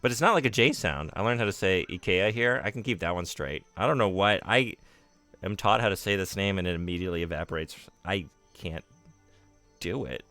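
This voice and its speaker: A man's voice: low-pitched, expressive, brisk, sharp tone, dry recording, faint music behind. A man streaming a game, chatting casually with his viewers and poking fun at himself. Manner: chatty, self-deprecating, reads and answers chat. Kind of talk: casual live-stream chat while gaming.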